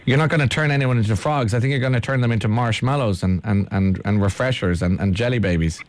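Teasing radio host. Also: male voice, medium pitch, quick pace, slight background noise. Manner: teasing, jokey, stumbles over words. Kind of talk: playful radio phone-in chat.

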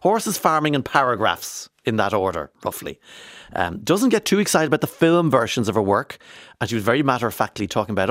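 A man's voice: medium pitch, lively intonation, brisk, dry recording. An Irish man presenting a radio show in a studio, chatting casually with rambling, playful asides. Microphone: studio microphone.

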